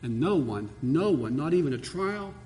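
A male pastor preaching a sermon with passion, rising to loud pleas and dropping to hushed lows. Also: lively intonation, normal speed, slight background noise. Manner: impassioned, swinging between loud pleading and hushed lows. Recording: long hall reverb.

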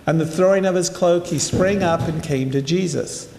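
An older preacher's informal sermon pairs scripture reading with conversational, story-based explanation addressed to his listeners. His fairly high voice is creaky and a little mellow at normal speed, heard in an echoey hall with slight background noise.

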